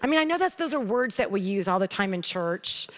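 A middle-aged woman giving a devotional teaching, telling a personal story in a chatty, animated way. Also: mid-range voice, brisk. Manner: conversational storytelling, animated retelling. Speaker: Bible teacher.

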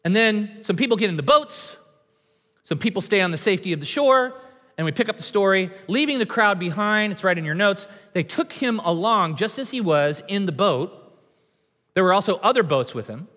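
A man's voice: high-pitched, expressive, moderate pace, fairly bright tone. A male pastor preaching a sermon in a church, emphatic and conversational, acting out quotes. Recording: long hall reverb.

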